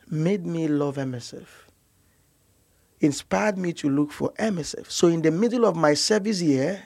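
A man's voice: fairly high pitch, gravelly, a little mellow. A young man from Nigeria, a doctor, telling his story earnestly and with emotion in an interview, often repeating words as he searches for them. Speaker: guest doctor.

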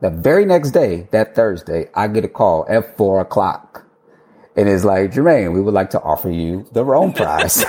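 A male architect telling stories about his career in a casual interview, animated, laughing often and swearing casually. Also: on the low side, moderate pace.

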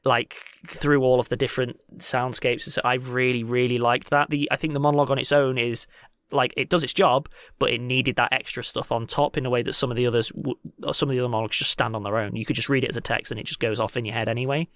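A man co-hosting a casual podcast Q&A, animated and teasing, quick to laugh. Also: mid-range voice, no room sound, studio quality. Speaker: podcast co-host.

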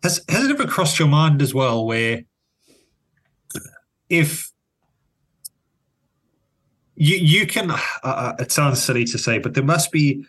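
Husky South African man chatting. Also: on the high side, big pitch swings, takes it slowly, pauses often, fairly bright tone. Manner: thoughtful, restarts and trails off. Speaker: podcast co-host. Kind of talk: casual chat.

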